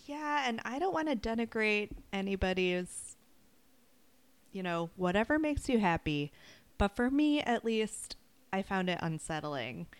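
A woman co-hosting a podcast in casual chat, describing things slowly and deliberately. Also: mid-range voice, sing-song, clear, resonant tone. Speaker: podcast co-host.

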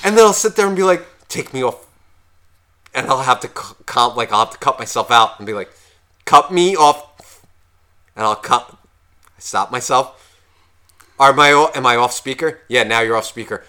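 A man co-hosting a casual podcast, swearing constantly and acting out his phone calls in loud rants. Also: mid-range voice, animated, a little fast. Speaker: podcast co-host.

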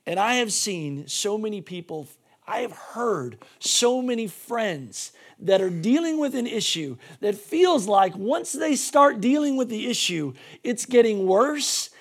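A male pastor preaching a sermon emphatically, swinging between shouting and hushed tones. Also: sits high, sing-song, unhurried.

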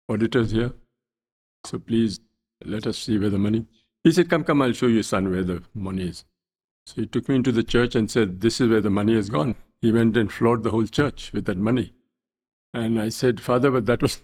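An older man from India, a guest telling stories from his life in a wry, anecdotal way, often trailing off quietly. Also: mid-range voice. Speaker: interview guest. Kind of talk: storytelling in conversation.

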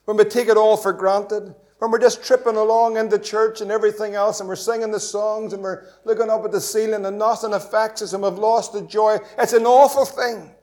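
A man preaching an impassioned evangelistic sermon, asking rhetorical questions and swinging between loud and hushed delivery. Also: high voice, flat delivery, fairly quick, hardly any pauses. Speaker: pastor.

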